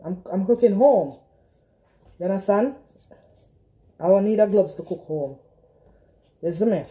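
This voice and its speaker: A woman's voice: mid-range voice, animated, a little slow, warm tone, rough recording. A woman with a Trinidadian accent cooking in her home kitchen, chatting straight to her viewers in a casual vlog. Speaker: home cook vlogger. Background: frying and sizzling in a pan.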